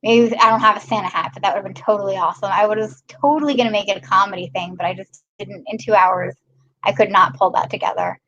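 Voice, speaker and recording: A woman's voice: medium pitch, fast, fairly bright tone, dull audio. A woman hosting a casual live stream, chatting and greeting viewers by name. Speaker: live-stream host filling in.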